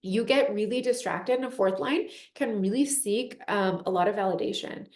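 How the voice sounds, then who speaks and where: A woman teaching a group call in a casual, animated way, acting out inner voices and saying "like" often. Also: mid-range voice, normal speed, reverberant. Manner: animated, acts out inner voices, frequent "like" fillers.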